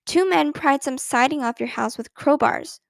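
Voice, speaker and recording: A woman voicing a calm, matter-of-fact little boy from first grade in a storybook reading. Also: sits high, normal speed, gravelly, dry recording, clean studio sound. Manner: calm, flat, literal-minded.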